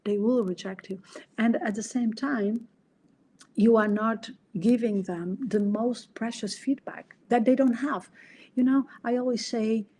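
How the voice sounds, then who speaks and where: A woman's voice: fairly high pitch, measured pace, mellow, a little hiss or hum. A middle-aged woman coach and podcast host, explaining ideas in an earnest, casual way and sometimes acting out quoted dialogue.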